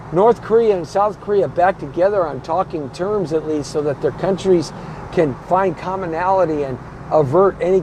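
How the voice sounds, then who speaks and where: High-voiced man ranting over traffic noise. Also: darkish tone, low-quality recording. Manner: emphatic, hammering rhetorical questions; blunt and combative. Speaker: show host. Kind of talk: political commentary rant.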